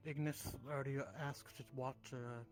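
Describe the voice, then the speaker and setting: A man's voice: medium pitch, little pitch movement, normal speed, soft background music, close to an everyday voice. A man voicing a squad leader in a live role-play, handing out search areas with a lot of hesitant fillers. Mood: organizing. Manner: hesitant, organizing, filler-heavy. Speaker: squad organizer.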